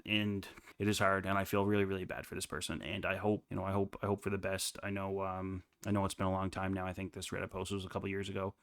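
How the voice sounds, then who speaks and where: A man's voice: deep voice, level tone, fast, few pauses, fairly bright tone, no echo, clean studio sound. A man in his twenties reading online confessions aloud and breaking off into casual, rambling comments full of fillers. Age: 20s. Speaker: reddit reaction host.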